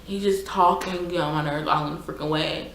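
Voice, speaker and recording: A woman's voice: sits low, fairly even intonation, brisk, a bit bright, slight background noise. A young woman, chatting casually and exasperatedly through a storytime vlog with lots of fillers. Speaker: YouTuber. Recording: echoey room.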